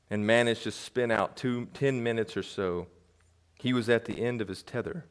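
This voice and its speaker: Middle-aged guy preaching a sermon, mid voice, slow and deliberate then booming on key words. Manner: measured delivery that swells to loud emphasis. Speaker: pastor. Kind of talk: sermon reading a quoted testimony.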